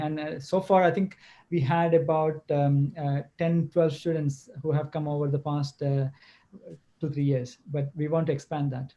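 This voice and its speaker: Halting, mellow-voiced man from Kerala. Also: fairly high pitch, dull audio. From Kerala, India. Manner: halting, hesitant, full of restarts. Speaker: guest lecturer answering questions. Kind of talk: webinar Q&A.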